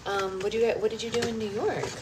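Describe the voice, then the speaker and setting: A young woman hosts a live book club stream from her home kitchen, rambling between comments and sing-song baby talk to her infant. She talks fast at medium pitch with fairly even intonation, over a loud air-conditioning hum.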